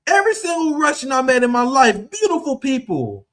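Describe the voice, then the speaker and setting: Man, thirties, very high-pitched, combative, swearing, ranting political commentary. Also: very animated. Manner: quick swings between loud outbursts and low asides. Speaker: political streamer.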